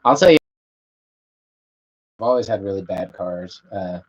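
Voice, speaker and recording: A man's voice: low-pitched, animated, a little slow. A man chatting casually with his viewers on a live stream from home. He speaks laid-back, swears here and there, and coughs between sentences. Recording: dull lo-fi stream audio, faint room hiss.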